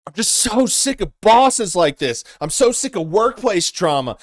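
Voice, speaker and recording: A man's voice: high voice, very animated, a little slow, no echo, clean studio sound. A young man hosting angry reaction commentary, ranting in an exasperated way and swearing often. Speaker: commentary host.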